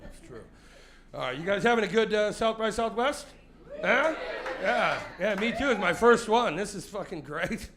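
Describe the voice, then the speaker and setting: A forty-year-old comedian sweats through a profane stand-up set on a club stage, confronting and teasing the crowd. His voice is high, with lively intonation and a normal speed.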